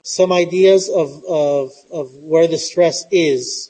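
A high-voiced man lectures to an online class. He stops and restarts often, filling gaps with "uh" and "um". His voice is mellow and rings with a long reverb. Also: slow, few pauses. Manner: hesitant, many fillers and restarts. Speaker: teacher.

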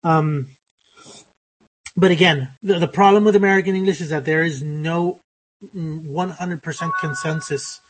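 A man's voice: on the high side, fairly even intonation, moderate pace, husky. Hesitant male phonetics teacher. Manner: hesitant, many fillers and restarts. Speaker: pronunciation teacher. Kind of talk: live phonetics lesson.

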